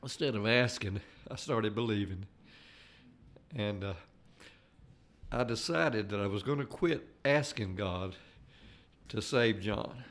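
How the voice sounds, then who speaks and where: An older man with a drawl tells his personal testimony in a fairly low voice. He is earnest and unpolished, stumbling and restarting his sentences as he goes. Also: a bit bright. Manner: earnest, halting with frequent restarts. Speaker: layman giving a faith testimony.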